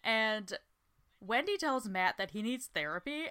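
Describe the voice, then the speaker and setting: A woman's voice: fairly high pitch, sing-song, a little slow, bright, forceful tone, smooth. A young woman co-hosting a podcast, recapping a reality show in casual chat, swearing freely and laughing often. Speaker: podcast co-host.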